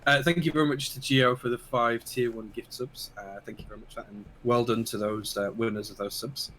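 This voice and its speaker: A man's voice: medium pitch, steady tone, fairly quick, sharp tone, rough recording. A man co-hosting a casual livestream chat while sick, friendly and jokey, thanking viewers often. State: sick, under the weather. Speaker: co-host.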